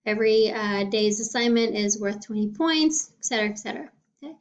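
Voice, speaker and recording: A woman's voice: on the high side, a little fast. A woman cosmetology teacher casually walking through her weekly lesson planning, often checking in with "okay?". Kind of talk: casual screen walkthrough. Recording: dull lo-fi sound.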